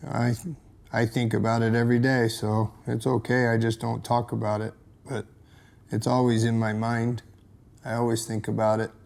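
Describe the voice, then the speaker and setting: A man in his sixties, a stepfather speaking in a documentary interview, measured and reflective, with hesitant pauses. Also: medium pitch, monotone, gravelly, a little mellow. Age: 60s.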